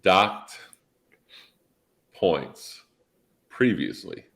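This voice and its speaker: A man's voice: low-pitched, very animated, very slow, gravelly, a bit bright. A man co-hosting a casual soda review, teasing his partner and giggling. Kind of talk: casual chat.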